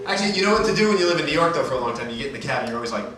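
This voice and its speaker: A man's voice: fairly high pitch, expressive, very fast, a crowd in the background. A man hosting a comedy night, riffing and introducing comics, mimicking voices. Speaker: comedy show host. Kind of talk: stand-up banter and introductions. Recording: echoey club from far off, noisy.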